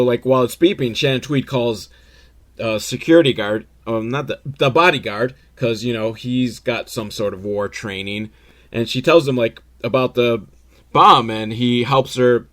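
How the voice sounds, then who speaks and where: A man recapping a movie in a casual comedic way, sarcastic and profane, breaking into quick character voices. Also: medium pitch.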